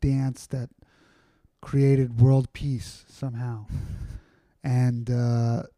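A man chatting as a podcast guest, telling stories in a loose, rambling way full of fillers and restarts. His voice is very dark and mellow at a middling pitch. The sound is dry and close, with no room around it. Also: little pitch movement, very slow, no echo. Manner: rambling, filler-heavy, candid. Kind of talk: casual conversational storytelling.

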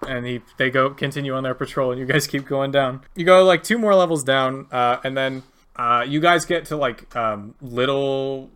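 Bright, crisp-voiced man running a game. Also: mid-range voice, moderate pace. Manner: animated, laughs often, quotes characters. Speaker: game master. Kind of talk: narrating a tabletop game.

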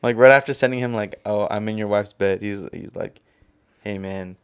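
A man with a smooth, clear voice recorded close and dry, talking casually on a podcast. He retells the story in relaxed slang, breaking into laughs as he goes. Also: fairly low pitch, normal speed, dry recording. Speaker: podcast co-host. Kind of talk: casual chat.

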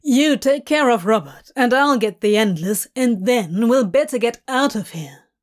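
A sardonic male demon who whines and grumbles, loud and a bit higher than the narration, as a woman reader puts him on. He sounds offhand and irritable. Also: animated, a little slow.

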